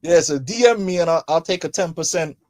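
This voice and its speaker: Animated and brisk, a man in London delivers casual religious commentary in street slang, mocking listeners and laughing between points. His voice sits a little high with a darkish tone, and the close, dry recording has no echo or room sound.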